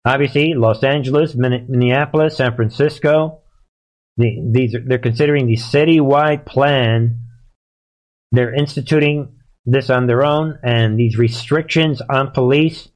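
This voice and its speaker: A man's voice: medium pitch, steady tone, measured pace. A man hosting live political commentary, sarcastic and heated, and he often laughs.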